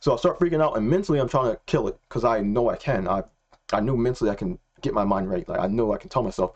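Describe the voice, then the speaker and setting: Excitable young man telling a story. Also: medium pitch, fast talker, muffled recording. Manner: excitable, repeats himself, slangy. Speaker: Christian vlogger. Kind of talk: casual storytelling.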